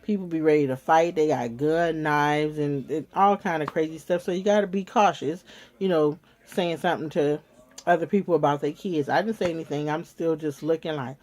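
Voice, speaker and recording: A woman vlogger, telling a story straight to her viewers in an animated, casual way. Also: deep voice, moderate pace.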